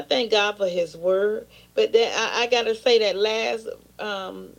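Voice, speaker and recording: A woman's voice: medium pitch, fairly even intonation, measured pace, vocal fry, hardly any pauses. A woman pastor preaching an impassioned sermon, often turning into pleading prayer.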